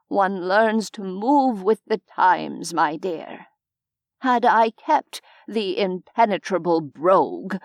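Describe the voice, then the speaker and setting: A woman voicing a courteous, formal gentleman in an audiobook, measured and gently lecturing. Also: fairly low pitch, no echo, clean studio sound. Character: genteel, courteous older gentleman scholar. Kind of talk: audiobook character voice.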